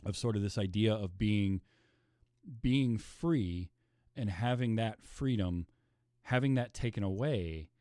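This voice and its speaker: A man's voice: on the low side, warm tone, no room sound, studio quality. A man hosting a podcast, chatting casually about a film and acting out his own reactions as he tells it. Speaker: podcast host.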